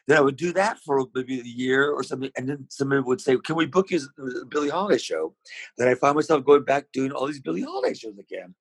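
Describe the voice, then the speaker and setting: A man's voice: medium pitch, expressive, quick pace, breathy edge, no echo, rough recording. A man being interviewed, telling long rambling stories about his singing with many restarts. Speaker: interview guest, singer. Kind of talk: casual storytelling.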